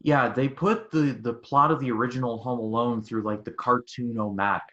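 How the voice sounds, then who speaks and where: A man in his twenties co-hosting a podcast in casual chat, excitable and prone to loud exclaimed outbursts. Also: mid-range voice, normal speed, highs cut off. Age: 20s. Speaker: podcast co-host.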